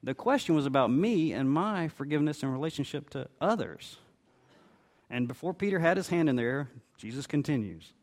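A man's voice: on the high side, animated, moderate pace. A middle-aged man preaching a sermon, telling a parable with expression and briefly voicing its characters. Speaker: pastor.

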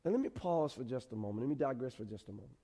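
A male preacher giving a conversational sermon with animated storytelling. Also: mid-range voice, racing, gravelly, husky, big-room sound.

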